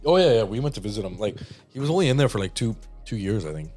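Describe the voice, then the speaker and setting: Animated young male co-host, rambling and laughing, faint music under him. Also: fairly low pitch, very fast. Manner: rambling, laughs often, acts out quoted voices. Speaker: podcast co-host. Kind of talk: casual storytelling chat.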